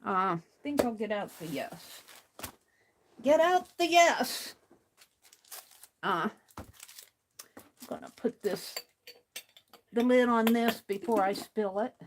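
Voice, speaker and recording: A woman talks her way through a craft project at a slow, easy pace, half to herself and half to her viewers. Her voice sits in an ordinary middle range, with a faint hiss of noise under it. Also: medium pitch. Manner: muttering to herself while working, slow and unhurried. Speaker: craft livestream host. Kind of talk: casual crafting commentary.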